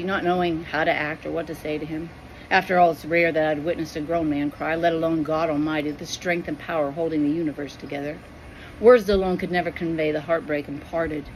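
A woman's voice: deep voice, slight background noise, poor audio. Earnest woman reading a devout vision. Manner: earnest, devout, emotional narration. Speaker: Christian storyteller. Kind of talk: reading a personal spiritual vision.

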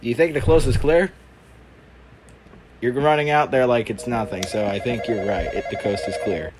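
A man's voice: medium pitch, moderate pace, a little mellow, a little hiss or hum. Sarcastic man commenting on a game. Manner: dry sarcastic remarks. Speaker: gamer. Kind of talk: casual gaming commentary.

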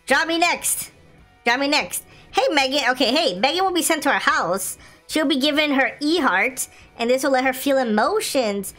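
A woman hosting a casual gameplay video, chatty, excitable and often giggling as she plays. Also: on the high side. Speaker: gaming video host.

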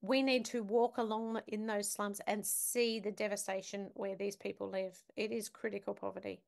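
A woman's voice: medium pitch, flat delivery, moderate pace, creaky, a little mellow. A woman, a guest on a talk show, telling a story vividly and emphatically and putting questions to the listener. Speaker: podcast guest, business academic. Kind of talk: storytelling in conversation.

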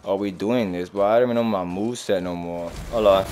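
A man's voice: deep voice, a little fast, a little mellow, slight background noise. A young man giving casual gameplay commentary, exclaiming and swearing in frustration as he keeps losing. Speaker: gaming streamer.

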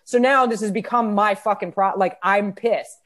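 A woman guest on a casual chat podcast, telling a story in a heated, profane and animated way. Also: mid-range voice, moderate pace. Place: New York.

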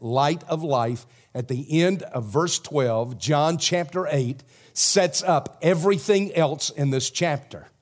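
A man with a Southern accent preaching a sermon as pastor, swinging from loud emphasis to a hushed prayer. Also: fairly high pitch. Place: church sanctuary.

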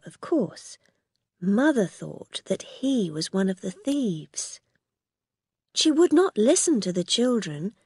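A woman narrating a graded-reader story in a clear, measured storytelling manner. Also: medium pitch, darkish tone, dry recording, studio quality.

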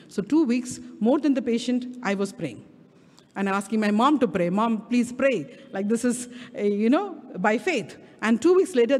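A middle-aged woman with an Indian English accent preaching a sermon at a prayer meeting, stretching key words slowly for emphasis. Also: mid-range voice, a little mellow. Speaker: guest speaker. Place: church prayer hall. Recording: reverberant hall.

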